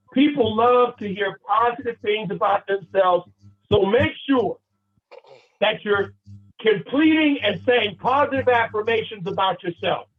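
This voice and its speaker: This man's voice is very high-pitched and husky. As a motivational speaker, he playfully addresses a sales team and acts out little scenes, all heard through tinny, phone-like audio.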